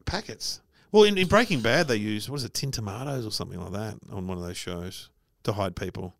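A man's voice: fairly low pitch, expressive, a little fast, creaky, a bit bright, no room sound. A man co-hosting a podcast, telling jokey stories in casual chat and laughing often. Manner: chatty, laughing, jokey storyteller. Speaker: podcast co-host.

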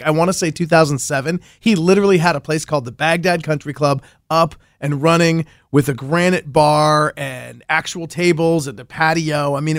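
A man's voice: fairly high pitch, fairly bright tone, no room sound, studio quality. A man who hosts a podcast, chatting as a guest on a radio show and telling a story with enthusiasm. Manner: enthusiastic storyteller, laughs often. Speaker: podcast host and reporter. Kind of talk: casual radio interview chat.

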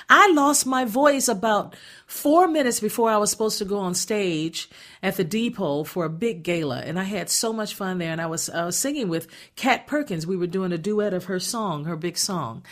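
A woman's voice: mid-range voice, normal speed, a bit bright. A woman hosting a radio talk show, chatty and emphatic, often restarting her sentences. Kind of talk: casual radio chat. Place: radio studio.

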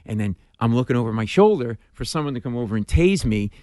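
A man's voice: medium pitch, lively intonation, fast, dark tone, no room sound. Comedian guy telling a story, voice jumps all over, dry close sound. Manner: acts out dialogue, mimics screams, self-deprecating. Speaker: stand-up comedian guest. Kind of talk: animated storytelling.

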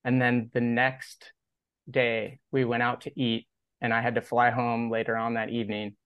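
A man's voice: medium pitch, completely flat delivery, moderate pace, a bit bright, clear, resonant tone, dry recording. A man, a guest on a podcast interview, telling a personal story in a casual, rambling way, full of "like" and acted-out quotes. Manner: rambling, heavy use of "like", acts out quoted dialogue. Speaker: podcast guest, pro skateboarder.

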